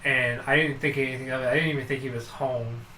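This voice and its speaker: A man's voice: mid-range voice, fairly even intonation, fast, pushed and bright, roomy sound, slight background noise, poor audio. A man co-hosting a podcast, telling a long childhood story in casual chat, full of fillers and restarts. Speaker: podcast co-host.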